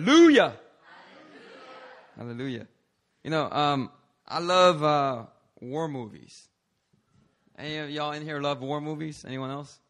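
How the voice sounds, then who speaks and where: A man preaching a lively, playful sermon, calling out to the congregation for responses. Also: a little high, normal speed, long pauses. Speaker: pastor.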